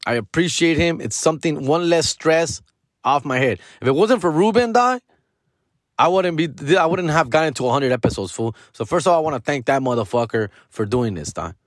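A man's voice: a little high, animated, brisk, no room sound. Man, forties, podcast host, rambling casual monologue, slangy and profane, dry close sound. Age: 40s. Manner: rambling, slangy, profane, peppers speech with "fool" and "dog".

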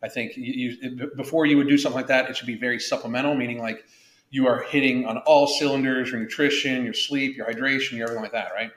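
A man's voice: medium pitch, steady tone, fast talker, fairly bright tone, roomy sound. A man hosting a casual podcast, blunt and profane, rambling with frequent restarts. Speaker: podcast host.

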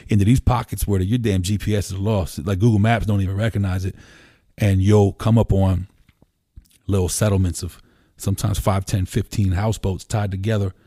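Low, mellow-voiced man telling rambling stories. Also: fairly even intonation, a little fast, no echo, studio quality. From Pennsylvania. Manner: rambling, lots of "you know" fillers, swears casually. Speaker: podcast guest. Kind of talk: casual storytelling conversation. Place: home room.

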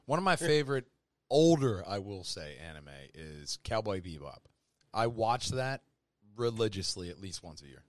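A male podcast host with an animated, bouncy delivery and a bright, forward tone. He jokes freely and rolls into ad reads with playful energy. The sound is dry and close. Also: low-pitched, normal speed, no room sound. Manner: playful, joking. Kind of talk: casual chat with ad reads.

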